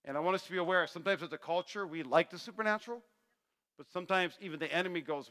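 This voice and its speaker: A male pastor preaching a sermon, animated and joking, acting out Bible characters' lines. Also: high voice, rapid-fire. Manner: animated, acts out voices of Bible figures, jokey asides. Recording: long hall reverb.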